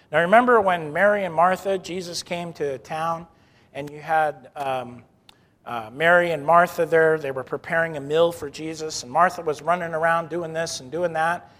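A man preaching a sermon in an earnest way, drawing out key words slowly. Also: on the high side, a bit bright, in a large hall. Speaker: pastor.

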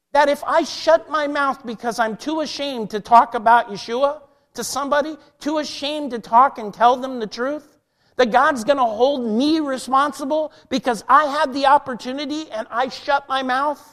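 A male pastor preaching a passionate sermon, swinging between loud emphatic lines and quiet, low ones. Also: a little slow.

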